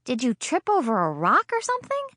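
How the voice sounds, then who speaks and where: A woman's voice: high-pitched, huge pitch swings, brisk, a bit bright, dry recording, pitched above the performer's own voice, exaggerated voice. Woman playing a dry, sarcastic mom. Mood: worried. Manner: sarcastic, suspicious. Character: patient, dry-witted mother.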